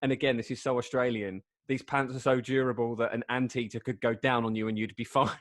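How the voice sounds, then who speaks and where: A man's voice: mid-range voice, fairly even intonation, quick pace. A man hosting a casual comedy chat, laughing often and wording things in a mock-formal way. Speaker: host.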